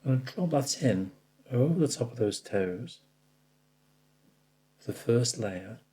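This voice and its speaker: A man's voice: mid-range voice, dark tone. A man giving a step-by-step watercolour painting tutorial, chatting directly to the viewer and joking about his own slips.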